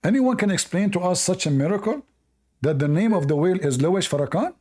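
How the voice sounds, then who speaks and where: Guy hosting a call-in debate, mocking and jeering, kinda high pitched. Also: lively intonation, brisk, a little mellow. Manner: mocking, scornful, laughs at the caller. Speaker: host of a live call-in debate show. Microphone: online call.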